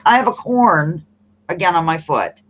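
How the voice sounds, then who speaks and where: A woman from the eastern US hosting a casual livestream, reading chat comments aloud in an animated, laughing way. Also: on the low side, moderate pace, husky. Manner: animated, laughing, reads comments in playful voices. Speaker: livestream host.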